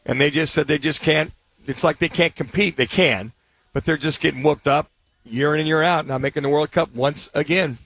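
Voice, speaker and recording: A man's voice: on the high side, normal speed, a bit bright, no echo. A man co-hosting a sports radio show, talking in a rambling, anecdotal way with frequent restarts. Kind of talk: casual sports talk.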